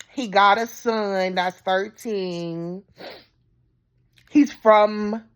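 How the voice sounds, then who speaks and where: A woman vlogger telling a dating story to her viewers in a hyper, animated and blunt way. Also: mid-range voice, muffled recording. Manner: hyper and animated, talks fast in bursts; assertive, blunt. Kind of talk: casual storytelling to camera.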